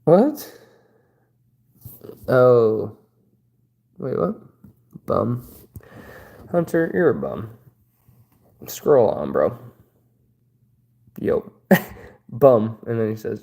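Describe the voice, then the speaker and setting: A man's voice: mid-range voice, very animated, slow pace, vocal fry, pauses often, mellow. A man, likely in his thirties, hosting a casual livestream, reading chat aloud and trading loose, profane jokes with viewers. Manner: loose, joking, profane banter. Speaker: livestream host.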